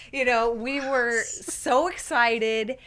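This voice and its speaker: Woman, podcast guest, bright tone, animated storytelling, filler-heavy casual talk. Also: on the high side, very slow. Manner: animated, laughing, full of fillers like "like".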